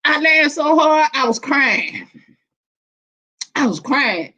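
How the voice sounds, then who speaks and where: A woman chatting casually on a live stream panel, animated and laughing often, with colloquial slang. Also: high-pitched, slow. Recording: dull lo-fi stream audio.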